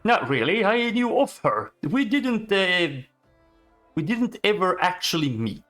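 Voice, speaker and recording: A kindly aging steward of a game village, read out by a man. He talks slowly and softly, with a voice that rises and falls a lot. Faint game music plays underneath. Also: high voice, sing-song, exaggerated voice. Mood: gentle. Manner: reads the lines aloud plainly. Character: older male castle steward, kindly.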